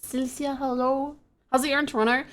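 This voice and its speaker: A woman's voice: sits high, little pitch movement, fast, fairly bright tone. A woman streaming from home, chatting casually with her viewers, laughing often and greeting them by name in a playful, chaotic way.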